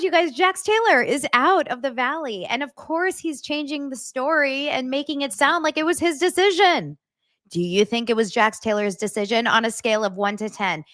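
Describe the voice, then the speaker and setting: Woman host, middle-aged, chatty gossip delivery with a lively, swinging pitch. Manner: chatty, animated, acts out quotes in exaggerated voices. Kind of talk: casual chat.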